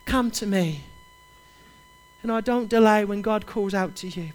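A man's voice: high voice, normal speed, pauses often. A man preaching a sermon, urging his listeners directly and repeating his key phrases with passion. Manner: impassioned, repetitive, urges listeners directly.

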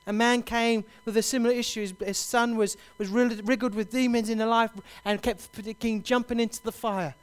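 A man preaching a sermon, building to loud, impassioned repeated cries. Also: extremely high pitch, flat delivery, moderate pace, few pauses, clean tone.

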